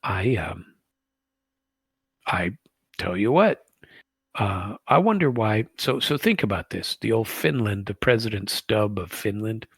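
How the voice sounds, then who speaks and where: A low, gravelly man talks in a rambling, sardonic solo commentary. His voice is very husky and rough. He is recorded close and dry, with no room sound. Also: lively intonation, unhurried, long pauses, no room sound. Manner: rambling, sardonic, reads posts aloud with asides. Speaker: political commentary host.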